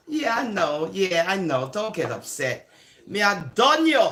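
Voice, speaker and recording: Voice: mid-range voice, sing-song, fairly bright tone. A speaker from Jamaica, delivering a teasing, taunting comic monologue and drawing words out. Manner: teasing, sing-song, drawn-out words.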